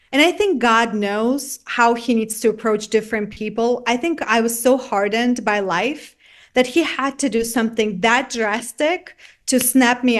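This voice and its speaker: Woman telling a vivid personal story. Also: on the high side. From immigrant to the United States. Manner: vivid storytelling, acting out her own past remarks. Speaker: guest. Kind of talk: personal testimony in a podcast interview.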